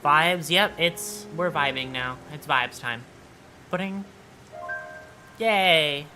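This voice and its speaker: A woman streamer chatting casually on a livestream, quiet and soft-spoken, playful, with halting restarts, at a home desk mic. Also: low voice, music in the background. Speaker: VTuber streamer. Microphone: desk microphone.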